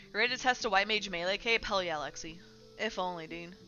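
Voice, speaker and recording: A woman streamer talking bluntly and casually to her chat, swearing now and then. Her voice is bright and a little forceful. The sound is somewhat dull and lo-fi, with faint music running underneath. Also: mid-range voice, fairly quick. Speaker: streamer host. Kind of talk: casual livestream commentary.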